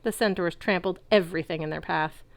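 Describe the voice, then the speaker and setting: Brief: woman reader for a fan audiobook, lowish smooth voice, dry close sound. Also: brisk, no echo. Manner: lively, shouts the characters' cries. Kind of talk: reading a novel aloud.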